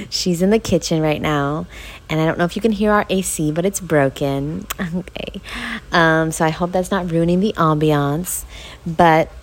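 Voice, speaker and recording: A woman's voice: low voice, unhurried. A woman hosting a podcast in a casual chat from home, tired and upbeat, laughing often. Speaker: podcast host. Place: home living room on a couch. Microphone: podcast mic.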